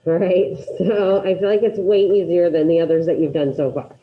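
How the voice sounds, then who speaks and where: A woman teaching a class, drilling her students through repetition and quizzing them with quick questions in an upbeat way. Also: on the low side, steady tone, narrow, tinny audio. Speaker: Spanish teacher. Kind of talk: classroom grammar lesson.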